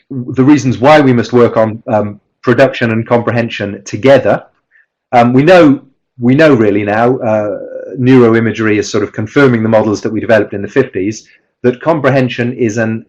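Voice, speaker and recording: A man's voice: mid-range voice, moderate pace, a little mellow. A man presenting a webinar lecture on teaching pronunciation, hesitant with many fillers and restarts, heard over a video call. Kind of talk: lecture-style webinar talk. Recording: slightly dull webinar audio.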